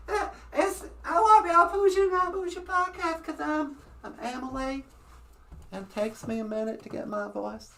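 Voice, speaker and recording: A man's voice: extremely high pitch, a bit bright, voice pushed up. A man voicing a chirpy Southern woman who speaks Ojibwe, with a thick Southern drawl and a folksy, awkward manner. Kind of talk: comic character bit on a livestream.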